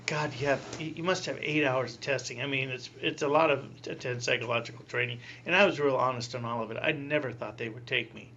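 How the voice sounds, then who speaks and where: A middle-aged man, a priest, telling his story in an interview with animated delivery and acted-out quotes. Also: medium pitch, fast, few pauses. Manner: animated, acts out quoted voices with laughing asides. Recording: dull lo-fi recording with faint hum.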